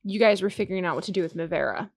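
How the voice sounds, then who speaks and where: A young woman guesting on a podcast, chatting quickly about a tabletop campaign and filling her sentences with "like" and "you know". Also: fairly low pitch.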